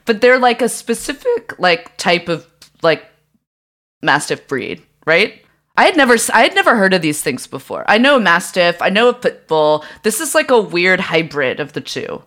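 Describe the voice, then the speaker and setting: A woman co-hosting a podcast in easy, casual chat. She is blunt and opinionated as she talks. Her voice sits on the low side but rises and falls a lot. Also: big pitch swings, normal speed, fairly bright tone. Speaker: podcast co-host.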